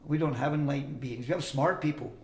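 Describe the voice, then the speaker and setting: A man's voice: fairly high pitch, fairly even intonation, quick pace, a little mellow, roomy sound. An older man telling a long personal story in a casual interview, acting out the voices of the people he quotes. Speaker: interview guest.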